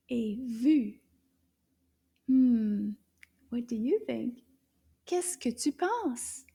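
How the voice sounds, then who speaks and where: A woman teaches young children in a slow, patient voice. Her voice sits high but sounds mellow, and she often drops to a soft whisper. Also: vocal fry, husky. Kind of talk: slow, clear teaching to kids.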